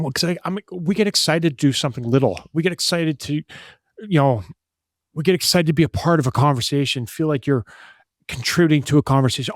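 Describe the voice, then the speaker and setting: A man's voice: a little high, a little fast, dry recording, studio quality. A man talking as a podcast guest, emphatic and full of restarts and "you know". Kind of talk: casual conversation.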